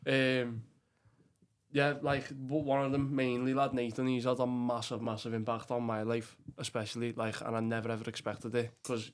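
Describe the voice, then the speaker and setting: A man's voice: medium pitch, little pitch movement, normal speed, slight background noise. Sweary, blunt Scouse man calling everyone lad. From Bootle, Liverpool, England. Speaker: podcast guest. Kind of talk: casual podcast chat.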